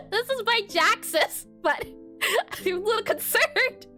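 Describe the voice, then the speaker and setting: A woman's voice: very high voice, pushed and bright. A young woman streaming as she reviews viewer art, bubbly and giggly, repeating her praise. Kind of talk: casual livestream commentary.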